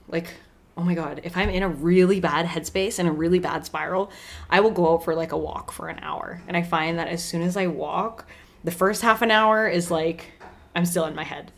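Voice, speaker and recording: A young adult woman hosting a podcast, talking casually and warmly about self-care, often checking in with "right?" and laughing between points. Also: fairly low pitch, fairly even intonation, moderate pace. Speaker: podcast host.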